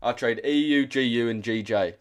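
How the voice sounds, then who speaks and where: On his trading livestream, the young British host speaks at a medium pitch and normal speed with a clean tone. He keeps it casual, blunt and slangy, going over the same points again and again.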